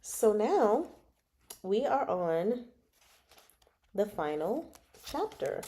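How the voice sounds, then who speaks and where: A woman's voice: mid-range voice, big pitch swings, extremely slow, mellow. A young adult woman hosting a casual book chat, playful and laughing often as she reacts to a novel. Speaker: book club host reading and reacting.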